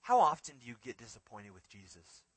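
A man preaching a sermon, swinging between emphatic raised lines and hushed quiet ones as he reads and explains scripture. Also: mid-range voice, a little fast, dry recording, low-quality recording. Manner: expressive, rising to emphatic peaks and dropping to hushed lines.

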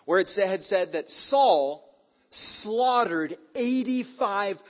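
A male preacher giving a sermon, retelling scripture in a hyper, animated way with casual slang. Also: sits high, slow pace.

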